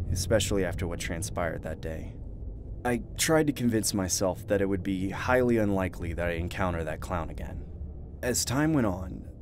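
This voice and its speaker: A man narrating a first-person animated horror story in a dramatic, tense storytelling manner. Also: on the low side, slight background noise. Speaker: narrator and voice actor.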